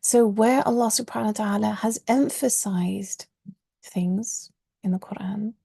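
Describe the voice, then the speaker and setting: A woman's voice: medium pitch, gravelly, warm tone, slightly rough, no room sound, clean studio sound. A woman teaching an online Arabic course, explaining earnestly and stressing key words, with religious phrases woven into her teaching.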